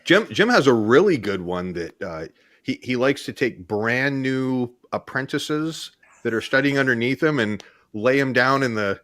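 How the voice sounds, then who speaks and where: A man's voice: medium pitch, lively intonation, measured pace, a bit bright, no echo, studio quality. An American man co-hosting a live-stream hypnosis chat, joking and reading out viewer questions. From United States. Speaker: hypnotist co-host.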